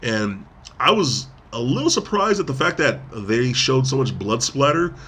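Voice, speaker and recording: A man's voice: medium pitch, sing-song, normal speed, bright, forceful tone, slightly rough. Rambling man recapping a movie. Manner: rambling retelling, many fillers and restarts. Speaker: podcast co-host. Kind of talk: casual film review chat.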